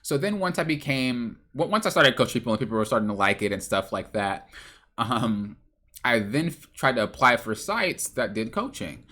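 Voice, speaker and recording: A man with a bright, forward voice tells a loose, rambling story on his own podcast. His pitch swings widely as he goes, and he stumbles and restarts his sentences, correcting himself mid-thought. It sounds like casual, unscripted talk about coaching games. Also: very animated, normal speed. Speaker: podcast host and game coach.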